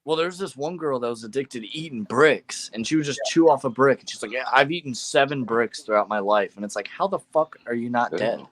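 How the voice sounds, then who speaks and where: A man's voice: medium pitch, brisk, hardly any pauses, fairly bright tone. Chill young guy streaming his bday, swears a lot, mid voice, bit of hiss behind. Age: 20s. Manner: laid-back, swears freely, laughs often. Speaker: streamer hosting his birthday live stream. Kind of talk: casual chat.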